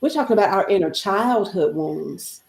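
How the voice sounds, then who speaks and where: Woman guest speaker, preachy and emphatic, mellow warm tone, echoey room. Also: medium pitch, expressive, normal speed. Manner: preachy, emphatic, repeats phrases. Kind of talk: inspirational talk.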